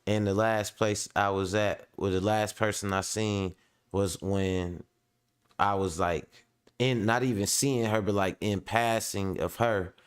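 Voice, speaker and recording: A man with a lowish, smooth voice speaks at a steady, slightly slow pace. He hosts a casual commentary live stream, rambling in loose slang and laughing often while sounding a bit under the weather.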